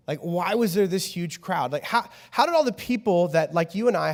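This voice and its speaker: A high-voiced man delivering a sermon in a church, bouncing between earnest reflection and comic storytelling. His voice carries a long reverb from the hall around him. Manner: animated, joking storyteller. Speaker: pastor.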